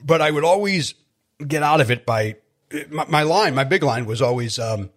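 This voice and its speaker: A man, telling stories as a podcast guest in an animated, joking way. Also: fairly high pitch. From South Side of Chicago. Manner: animated storyteller, quick jokey asides. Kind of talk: casual chat.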